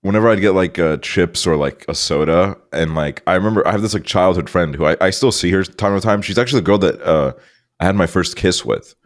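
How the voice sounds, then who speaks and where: A man's voice: low voice, fairly quick. A young man co-hosting a podcast, rambling through childhood stories with plenty of swearing. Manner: rambling, swears often, mimics voices in stories. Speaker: podcast co-host. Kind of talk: casual chat.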